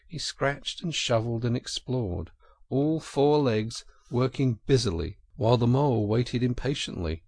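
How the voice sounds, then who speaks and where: A man narrating a classic storybook in an expressive, animated reading. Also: medium pitch, vocal fry, no room sound. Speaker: audiobook narrator.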